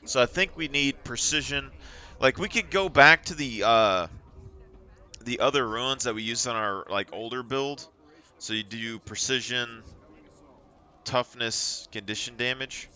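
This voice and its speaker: A man's voice: medium pitch, unhurried, sharp tone. A male streamer chatting casually during a live gaming stream, rambling and thinking aloud.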